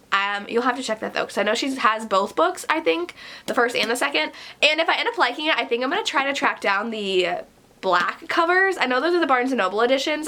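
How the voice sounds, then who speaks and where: A young woman chats casually to her vlog audience, her voice bright and a little high. She sounds stuffy from a cold. She rambles, filling her talk with "like". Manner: chatty, rambling, peppered with "like". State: stuffy nose. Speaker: book vlogger.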